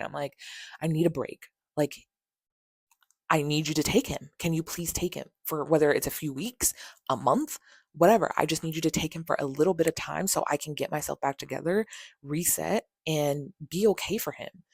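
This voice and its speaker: A woman's voice: sits low, no room sound, clean studio sound. A woman in her thirties telling a personal story in a vlog, candid, exasperated and sarcastic, swearing freely. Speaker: vlogger.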